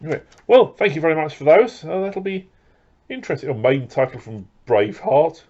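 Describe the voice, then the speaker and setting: A man's voice: on the high side, very animated, brisk, darkish tone, dull audio. A man chatting casually as he unboxes record purchases, rambling with lots of fillers and restarts. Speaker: record collector vlogger.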